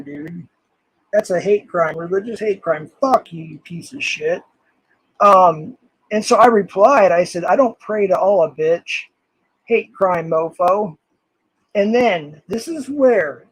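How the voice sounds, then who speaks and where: A man's voice: high voice, slightly rough, no echo, poor audio. An older man streaming live, reading comments aloud in an angry, swearing rant.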